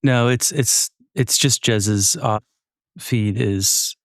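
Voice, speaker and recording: A man's voice: medium pitch, slow pace, no echo, clean studio sound. A man hosting a casual podcast conversation, talking loosely and repeating words as he starts his points. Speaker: podcast host.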